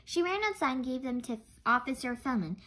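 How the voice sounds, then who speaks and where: A woman reading a children's mystery book aloud in an animated way, with small slips she corrects. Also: high-pitched, brisk, poor audio. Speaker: storybook reader.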